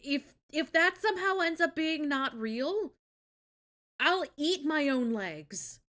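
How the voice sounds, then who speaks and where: A woman's voice: high-pitched, expressive, takes it slowly, a bit bright. A woman hosting a live stream, chatting casually, blunt and swearing, laughing often. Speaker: streamer host.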